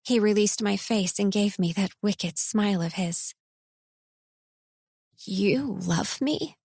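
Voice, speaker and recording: A woman narrating a first-person romance audiobook in a measured, intimate reading. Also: medium pitch, fairly even intonation, mellow, no room sound, studio quality.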